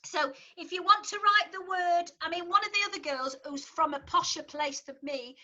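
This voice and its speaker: Bright high Yorkshire choir leader. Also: female voice, moderate pace, hardly any pauses, muffled recording. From Yorkshire, England. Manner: chatty and encouraging, explains step by step. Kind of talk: online rehearsal instruction.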